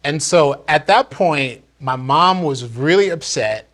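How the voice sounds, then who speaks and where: A man's voice: a little high, lively intonation, slow pace, fairly bright tone. A man from New Jersey earnestly and candidly telling a personal story in one unedited take, reflective as he looks back.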